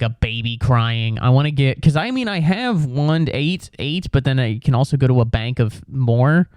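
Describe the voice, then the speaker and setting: A young adult man riffing through a solo comedy podcast monologue, rambling and profane, with a self-mocking edge. His voice sits at an ordinary middle pitch for a man. The recording is dry and close, with no room sound. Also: darkish tone, clean tone, no room sound.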